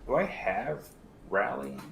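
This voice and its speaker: A man playing a strategy game with friends, making quick dry quips. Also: medium pitch, animated, gravelly, reverberant, a little hiss or hum. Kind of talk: casual gaming chat.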